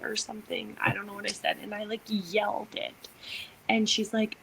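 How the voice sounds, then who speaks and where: A young woman co-hosting a podcast, telling a personal story in a casual, animated way, acting out quotes and using lots of fillers. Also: medium pitch, measured pace, vocal fry, slight background noise, low-quality recording. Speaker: podcast co-host, doula.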